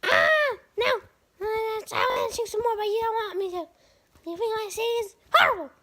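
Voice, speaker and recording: A young man voicing a cocky, energetic male puppet bird in a home video, squawking and swinging wildly between high and low. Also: normal speed, full character voice. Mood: hyper boastful. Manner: squawky, jumps wildly in pitch, yells.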